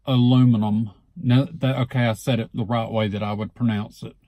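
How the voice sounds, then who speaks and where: Vlogger, male, Southeast Alabama accent, warm low-key tone, close dry mic, unhurried word-by-word delivery. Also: no room sound, highs cut off. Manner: relaxed, repeats words slowly and deliberately. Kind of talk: casual word-list reading.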